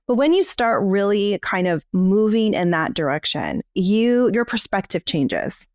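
A woman's voice: medium pitch, sing-song, unhurried, few pauses, darkish tone, dry recording, studio quality. A woman co-hosting a podcast, explaining her ideas in a candid, casual way and swearing freely. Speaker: podcast co-host.

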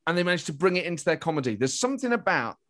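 Lively, higher-voiced British man chatting. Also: very fast. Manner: animated, rambling, restarts mid-thought. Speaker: podcast guest, comedian. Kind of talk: casual interview chat.

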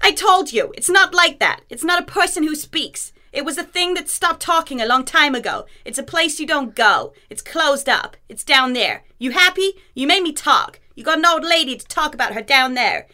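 A woman's voice: animated, moderate pace, hardly any pauses. A woman voicing a bitter, closed-off old woman with a put-on Queens accent. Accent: New York Queens, put on. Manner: high, loud, complaining.

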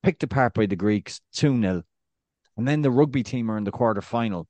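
An Irish man in his thirties, co-hosting a casual podcast chat, animated and rambling with restarts and acted-out anecdotes. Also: mid-range voice, a little fast, no echo. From Ireland. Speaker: podcast co-host.

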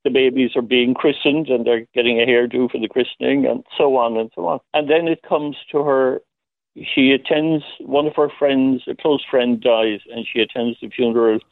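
Playwright guest over a phone line, dry sound, hesitant and reflective, mid-pitched man. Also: fairly even intonation, moderate pace, no room sound. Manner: thoughtful, hesitant, laughs often. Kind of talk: phone interview.

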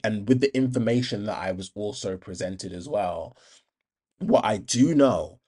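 Blunt, low-voiced man ranting. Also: lively intonation, a little slow, a little mellow, breathy edge. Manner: blunt, impassioned, swears freely; rambling with many restarts and ums. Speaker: podcast host. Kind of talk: opinionated podcast monologue.

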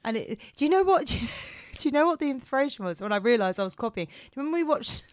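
A woman's voice: high-pitched, lively intonation, racing, no echo, clean studio sound. A woman, co-hosting a podcast in casual, rambling chat and laughing at herself. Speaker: podcast co-host.

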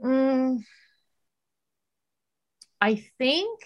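A middle-aged woman with a mid-range voice chats as a podcast co-host. She tells stories casually, growing animated when she quotes other people. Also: sits high, very slow, dull audio. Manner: chatty storyteller, animated when quoting others. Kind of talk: casual chat.

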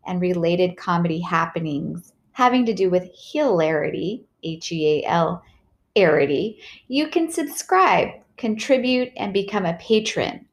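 A woman comedian hosting a podcast in a casual, playful and bubbly way, joking as she talks. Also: mid-range voice.

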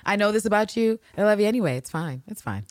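A woman co-hosting a casual podcast, animated and quick to laugh, swearing freely as she talks. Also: medium pitch, dry recording. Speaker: podcast co-host.

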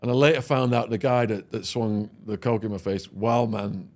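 A man's voice: lowish voice, steady tone, moderate pace, darkish tone. An Englishman on a podcast, telling a vivid, profane story and laughing as he goes. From England. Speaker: podcast guest. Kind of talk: storytelling anecdote.

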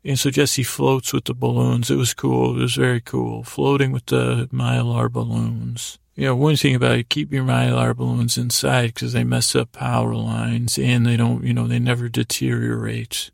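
A man hosting a sleep podcast, giving a meandering, halting bedtime recap full of restarts. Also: medium pitch, monotone, gravelly, no echo, studio quality.

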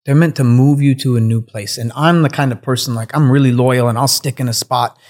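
A man talking openly as a guest, his voice sitting at an ordinary middle pitch. He is earnest and reflective, and he drops the odd curse word along the way. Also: steady tone, fairly quick, darkish tone. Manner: reflective, earnest, swears casually. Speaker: guest, cannabis breeder. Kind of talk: candid conversational storytelling.

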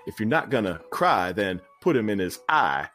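A man playing a blustering, loud male restaurant boss in a comedic scene reading, bullying and rhyming taunts at a waiter. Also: fairly low pitch, big pitch swings, normal speed, soft background music, voice pushed down.

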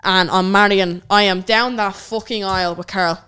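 Bright brash woman. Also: mid-range voice, steady tone, moderate pace, smooth. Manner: brash, crude, laughing often. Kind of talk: casual chat.

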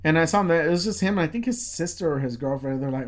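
Man, casual storyteller, slightly high voice, rambling, lots of fillers, swears freely. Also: steady tone, fast talker.

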